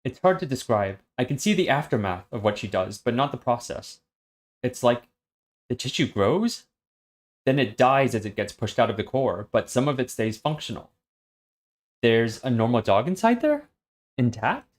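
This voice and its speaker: A man's voice: mid-range voice, very animated, normal speed, natural voice. A man voicing a weary, guarded young woman healer in a plain reading voice while reading a story aloud. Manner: plain reading voice, little change for the figure.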